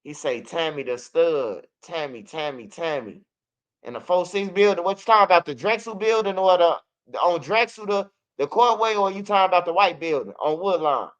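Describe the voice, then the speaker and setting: A man from Chicago with a Chicago accent, telling street stories casually in an animated, profane way and acting out what others said. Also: sits high, fairly quick, dull audio. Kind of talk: casual storytelling.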